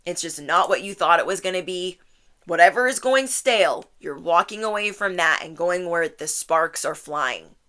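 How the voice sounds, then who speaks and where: A woman in her thirties gives a channeled tarot reading in a bright, forceful voice. She is animated and playful. She acts out her listeners' inner thoughts in quick little voices and laughs often. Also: lowish voice. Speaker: tarot reader.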